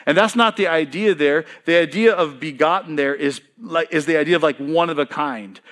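A middle-aged male pastor preaching with lively emphasis and a fairly high voice. He quizzes the congregation and then answers the questions himself, swinging his pitch up and down as he drives each point home. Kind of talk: sermon.

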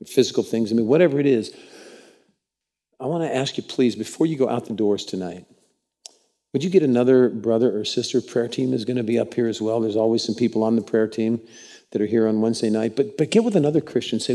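A man's voice: mid-range voice, brisk. A man preaching a sermon in church, telling stories in a folksy, conversational way with many restarts. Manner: animated storytelling with repeated restarts. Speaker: pastor.

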